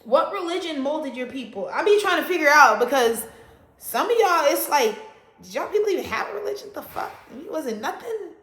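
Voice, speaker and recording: A woman vlogger talking straight to camera in a blunt, profane and animated rant, hitting words hard for emphasis. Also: high voice, fairly quick, roomy sound. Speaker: astrology vlogger. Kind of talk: casual ranting monologue.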